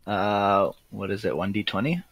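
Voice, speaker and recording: A man's voice: lowish voice, normal speed, a bit bright, dry recording, low-quality recording. A man playing in a tabletop game, hesitant and full of ums. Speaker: player. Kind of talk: casual tabletop play.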